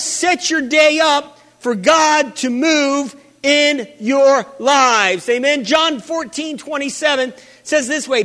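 A man's voice: very high voice, fairly bright tone. A male pastor preaching a sermon, repeating his phrases and calling out for amens from the congregation. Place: church hall. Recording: long reverb of a big hall.

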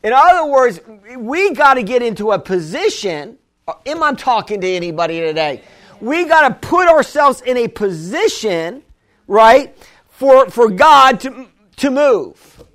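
A man with a notably high voice preaches a sermon to his congregation. He talks in a loose, conversational way, full of restarts and asides, and builds toward emphatic calls to the church. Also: big pitch swings, unhurried, fairly bright tone. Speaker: pastor.

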